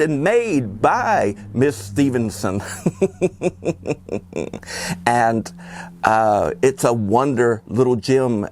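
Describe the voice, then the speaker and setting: A man's voice: medium pitch, darkish tone, dry recording. A man hosting a horror movie show, greeting viewers theatrically, rambling and chuckling often. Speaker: horror host. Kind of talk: hammy horror-host introduction.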